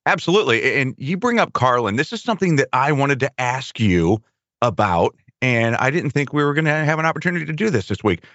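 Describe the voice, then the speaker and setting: A man's voice: mid-range voice, sing-song, brisk, fairly bright tone, no echo. A middle-aged man, a longtime radio co-host, chatting casually in a reflective, easygoing way. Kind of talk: casual chat. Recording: dry, dull lo-fi sound.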